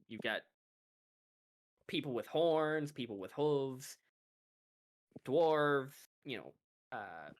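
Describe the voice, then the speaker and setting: A man narrating a tabletop game as game master, playful and animated over voice chat. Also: on the high side.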